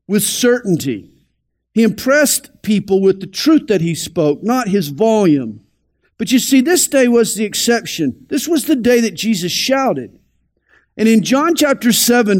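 Radio pastor, male, high-pitched, deliberate emphatic sermon delivery. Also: darkish tone. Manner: deliberate, emphatic, slows on key phrases.

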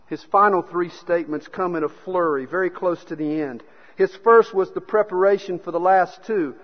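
A man's voice: high-pitched, moderate pace. A man preaching a sermon, telling stories and acting out the quoted speakers. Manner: storytelling preacher who acts out quotes. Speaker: pastor. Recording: dull sound with long hall reverb.

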